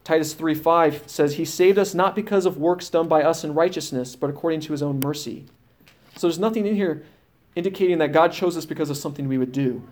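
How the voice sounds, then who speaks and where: A man's voice: fairly high pitch, darkish tone. A man teaching a sermon, reading scripture passages aloud and explaining them firmly, with fillers and restarts. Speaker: preacher.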